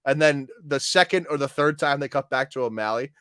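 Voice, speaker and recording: A man's voice: mid-range voice, brisk, bright, forceful tone, smooth, no room sound, studio quality. A man co-hosting a casual chat about comedy sketches, laughing often and quoting favorite lines. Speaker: podcast co-host.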